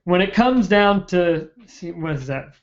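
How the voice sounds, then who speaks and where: A man's voice: sits high, expressive, measured pace, crowd noise. A man hosting a casual live-stream chat, eager and rambling, often trailing off mid-thought. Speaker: host of a political web show. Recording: dull lo-fi live-stream audio.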